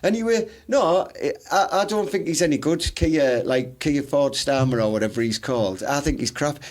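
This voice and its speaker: A young man with a high voice chats on a podcast. He rambles bluntly and laughs through his jokes. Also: moderate pace, darkish tone. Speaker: podcast co-host. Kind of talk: casual banter.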